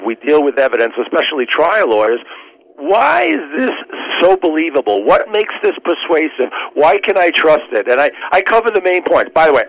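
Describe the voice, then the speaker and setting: A man who works as a trial lawyer, a guest on a radio interview, explaining his points earnestly in persuasive, lawyerly terms. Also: a little high. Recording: dull lo-fi radio sound.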